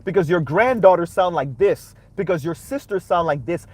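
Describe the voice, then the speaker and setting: A man's voice: high voice, expressive, moderate pace, dry recording. A man hosting a reaction commentary, talking emphatically and punctuating his points with rhetorical "right?"s. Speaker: commentary channel host.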